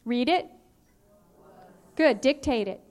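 A woman teaching a phonics and spelling workshop, explaining in a clear, patient, instructive way. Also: high voice, expressive, slow pace, a little mellow.

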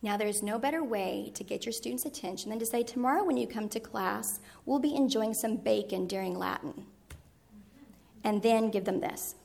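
A middle-aged woman gives a teaching presentation on Latin poetry, her voice carrying a gravelly fry at mid pitch. She explains step by step and now and then corrects herself as she goes. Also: normal speed, darkish tone. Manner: explanatory, with occasional self-corrections. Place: presentation room with a screen.

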